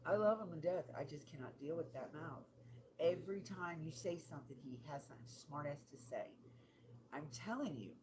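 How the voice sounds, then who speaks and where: A woman's voice: low voice, lively intonation, a little fast. A woman streaming casual chat while she decorates cakes, talking bluntly and swearing often, sounding exasperated. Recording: noisy home recording.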